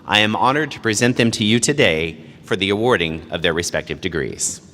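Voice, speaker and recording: A man speaks in a formal, measured way as he presents candidates at a graduation. His voice is bright and forceful. It carries through a large hall with a long reverb and faint ambience behind it. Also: lowish voice, lively intonation, slight background noise. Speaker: provost.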